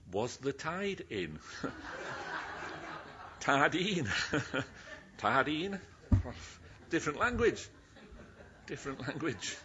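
A man's voice: sits low, fairly bright tone, slight background noise. An older man preaching as a minister, chatty and rambling, breaking off his sentences and laughing at his own stories. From Yorkshire, England. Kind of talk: anecdotal sermon. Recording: dull lo-fi recording.

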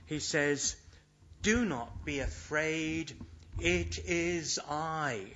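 A man's voice: a little high, fairly bright tone. A man preaching a sermon in an earnest way, leaning hard on the scripture lines he quotes. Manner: earnest, emphatic when quoting scripture. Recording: dull lo-fi recording.

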